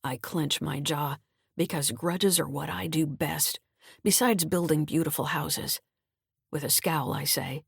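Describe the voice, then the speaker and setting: A woman with a low, deep voice narrates a mystery thriller in a calm, measured read. The sound is dry and close, with no room around it. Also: gravelly, slightly rough, dry recording. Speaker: author and audiobook narrator. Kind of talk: scripted audiobook narration.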